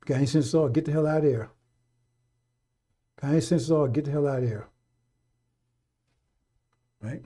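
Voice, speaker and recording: A middle-aged man delivers a fiery, improvised radio sermon with blunt, profane exhortations that circle back to the same warning. His voice sits a little high for a man. The tone is mellow and dark rather than bright. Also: moderate pace, long pauses. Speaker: radio preacher.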